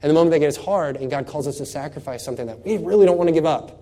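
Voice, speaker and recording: A man preaching to a congregation with a mellow, warm tone that sits a little high for a man. He talks in a conversational way and asks the listeners rhetorical questions. His volume moves from loud, emphatic scripture reading down to soft, quiet asides. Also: very fast. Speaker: pastor. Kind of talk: sermon.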